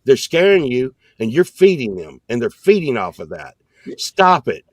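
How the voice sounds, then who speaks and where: A man's voice: medium pitch, very animated, no room sound. A man putting on a no-nonsense older security-guard lady as he retells a story, his voice close to his own. She lectures firmly and stretches out her warnings, and the sound is dry and close. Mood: scolding. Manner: firm, scolding, drawn-out warnings.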